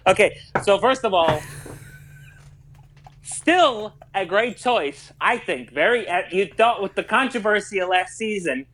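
A man's voice: sits high, animated, slow pace, a bit bright, slight background noise, heavily acted. A man voicing a goofy, rambling longtime male fan who calls in to a comedy podcast, talking in a folksy way. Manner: folksy, rambling, with down-home exclamations. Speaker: caller. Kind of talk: improvised comedy bit.

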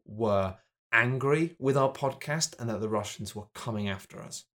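A man spins absurd tales on a comedy podcast. His delivery is deadpan and meandering, full of false starts, at an ordinary pitch. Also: moderate pace. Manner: deadpan storytelling, rambling restarts. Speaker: podcast co-host.

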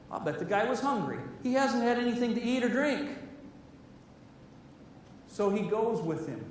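High-voiced preacher echoing from far off. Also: male voice, moderate pace, long pauses, a little hiss or hum. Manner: animated storytelling, acting out characters' lines. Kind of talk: sermon. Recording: echoey hall, voice from far off.

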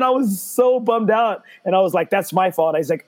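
A man with a high-pitched voice hosts a podcast. He tells stories in an animated way and pokes fun at himself in casual chat. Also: a little fast, hardly any pauses. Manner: animated storyteller, self-mocking. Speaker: podcast host.

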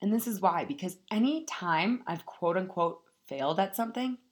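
A woman's voice: fairly low pitch, expressive, moderate pace. A young woman vlogging casually to her viewers, telling a story with candid swearing and frequent laughter before turning it into motivational advice. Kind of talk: casual motivational talk to camera.

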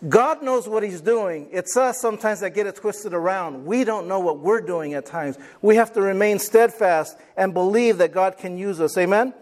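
Male pastor with a high voice, animated, dramatizes quoted voices while preaching. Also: moderate pace, hardly any pauses. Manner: call and response with congregation. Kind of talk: sermon.

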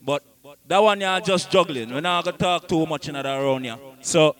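A man hosting a radio mix show, giving laid-back, rambling shout-outs in patois. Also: a little high, normal speed.

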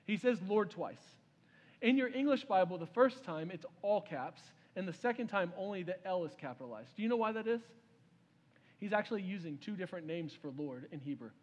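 A male pastor preaching in a church sanctuary, his fairly high voice carrying through a long, ringing reverb. He tells his story with feeling and acts out the characters' words. He speaks straight to the congregation. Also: lively intonation, fairly quick, lo-fi sound. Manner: storytelling preacher, voices the king's words, addresses the crowd as "y'all". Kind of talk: sermon. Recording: long reverb of a large hall.

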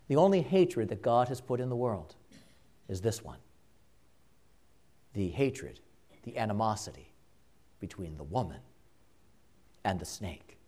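A man preaching a sermon, slow and emphatic, with dramatic pauses and quiet hushed drops. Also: medium pitch.

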